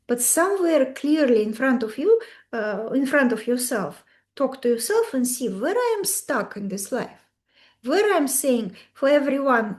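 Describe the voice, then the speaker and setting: High-voiced woman coach, emphatic and animated. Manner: animated, emphatic, acts out client quotes in varied voices; simple non-native English phrasing. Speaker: beauty and mindset coach. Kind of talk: teaching a live online class. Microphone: video call.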